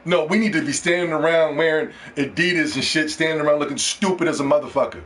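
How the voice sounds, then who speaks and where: A man hosting a casual gaming podcast, ranting in an animated, profane way and mocking others in put-on voices. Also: fairly high pitch, fast, few pauses. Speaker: podcast host.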